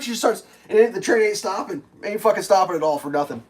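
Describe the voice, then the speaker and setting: Rambling man telling a story, slightly high voice. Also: animated, moderate pace. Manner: rambling, profane, laughing storyteller. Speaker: livestream host. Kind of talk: casual storytelling while cooking.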